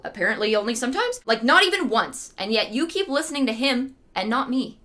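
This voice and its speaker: Bright-voiced, sarcastic young woman storyteller. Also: on the high side, expressive, fairly quick, hardly any pauses. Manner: sarcastic, playful asides. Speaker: streamer retelling a scripture story. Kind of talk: casual comedic retelling.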